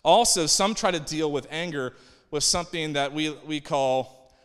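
A man's voice: on the high side, moderate pace, a bit bright, clean tone. Man preaching a sermon in a reverberant hall. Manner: conversational, acts out quoted people. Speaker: pastor. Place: church sanctuary.

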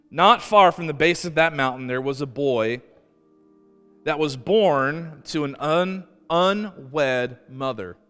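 A man preaching a sermon as pastor, telling stories with emphasis and slowing down to stress key words. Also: fairly high pitch, sharp tone, clean tone, big-room sound.

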